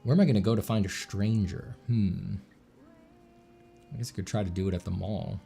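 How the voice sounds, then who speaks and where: A man's voice: lowish voice, fairly even intonation, normal speed, vocal fry, warm tone, soft background music. Joking man chatting on a drawing stream. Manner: joking, rambling, self-mocking. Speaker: artist streaming while drawing. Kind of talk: casual livestream chat.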